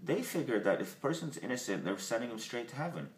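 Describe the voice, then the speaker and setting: A man's voice: medium pitch, big pitch swings, quick pace. A man reviewing an album at home in a rambling, profane monologue full of fillers and digressions. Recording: roomy home recording with faint background noise.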